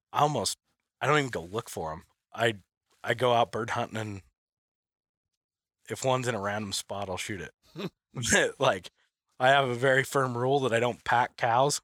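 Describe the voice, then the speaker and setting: A man's voice: mid-range voice, measured pace, long pauses, fairly bright tone, dry recording, clean studio sound. A man chatting casually about hunting, rambling with lots of fillers and frequent laughter. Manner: rambling, heavy use of "like", laughs often. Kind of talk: casual chat.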